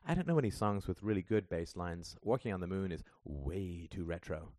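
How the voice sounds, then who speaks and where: A man's voice: deep voice, expressive, moderate pace, darkish tone, no room sound, studio quality. A man voicing a wary young son. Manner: guarded, then cursing. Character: young adult son, bass player, wary and angry.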